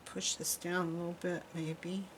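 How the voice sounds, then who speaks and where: A woman with a fairly low voice talks casually as she demonstrates a craft, chatting and rambling while her hands keep busy. Recorded in a workshop with a faint hiss of noise underneath. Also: level tone, normal speed. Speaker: jewelry-making instructor.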